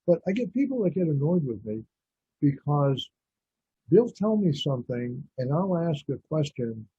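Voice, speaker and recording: A man's voice: fairly high pitch, very animated, moderate pace, dark tone, husky, no room sound. A man hosting a radio talk show, talking in a rambling, blunt and opinionated monologue. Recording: dull lo-fi radio audio.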